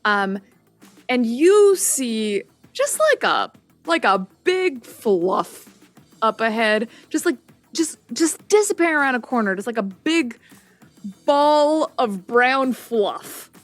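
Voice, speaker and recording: A woman narrating a tabletop game as game master, playful and halting, with many fillers. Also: on the high side, very animated, faint music behind.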